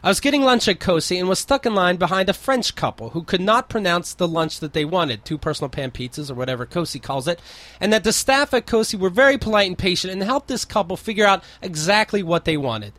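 A man's voice: high-pitched, animated, quick pace, fairly bright tone, no room sound. A man from New York hosting a casual podcast, reading listener mail aloud with wry, profane remarks. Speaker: podcast host.

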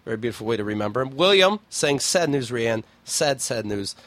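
A man's voice: mid-range voice, lively intonation, a little fast, fairly bright tone, dry recording. A man hosting a podcast, chatting casually and reading forum posts aloud in a wry, blunt way, swearing freely. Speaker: podcast host.

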